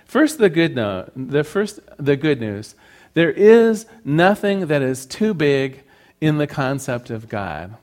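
Animated man giving a joking sermon. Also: a little high, takes it slowly. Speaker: speaker at a spiritual service.

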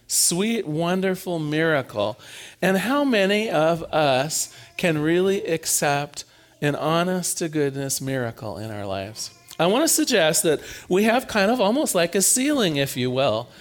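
A man preaching a conversational sermon, animated and informal, often repeating words as he builds a point. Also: fairly high pitch, a little slow.

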